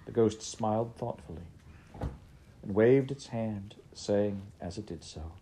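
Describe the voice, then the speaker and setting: A woman reading a classic story aloud, steady and expressive. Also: very deep voice, takes it slowly, a little hiss or hum. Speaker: audiobook reader. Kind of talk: scripted narration.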